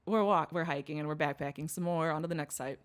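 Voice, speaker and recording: A woman's voice: sits low, fast. A young woman guest on a podcast, telling a long story in casual chat, acting out quotes, laughing often and swearing.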